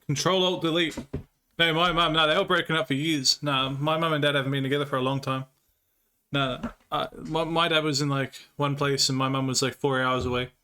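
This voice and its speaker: A man with a bright, forward voice chats on a livestream, rambling through crude stories between laughs. His pitch sits mid-range, and he reads and answers chat in a loose, casual way. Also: little pitch movement, a little fast, a little hiss or hum.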